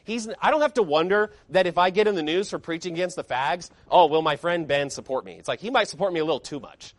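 Male pastor, high-pitched, punchy rhetorical sermon delivery, dry close sound. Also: fast talker, no room sound. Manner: emphatic, fiery preaching with rhetorical questions.

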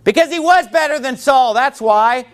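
Pastor, male, high voice, emphatic sermon delivery that keeps questioning the room. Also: normal speed, a bit bright, smooth.

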